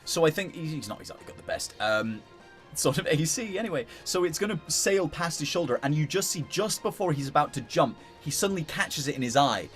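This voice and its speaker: Male game master, loose chatty narration, lively swooping voice, faint music behind. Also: fairly high pitch, fairly quick.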